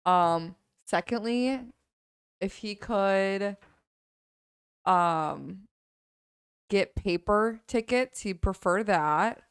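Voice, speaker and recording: Smooth, teasing young woman. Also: mid-range voice, extremely slow, pauses often, dry recording, clean studio sound. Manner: teasing, blunt. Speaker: podcast co-host. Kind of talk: casual chat.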